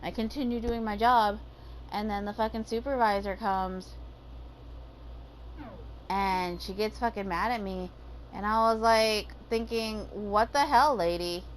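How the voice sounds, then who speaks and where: A woman's voice: medium pitch, fairly even intonation, unhurried, slight background noise, rough recording. A woman ranting casually about her day, swearing heavily and using lots of fillers. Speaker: gaming vlogger.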